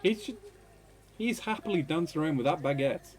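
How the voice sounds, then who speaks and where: A man's voice: fairly high pitch, lively intonation, a little fast, a little mellow. A man streaming a game, joking and laughing often as he comments. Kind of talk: casual let's-play commentary.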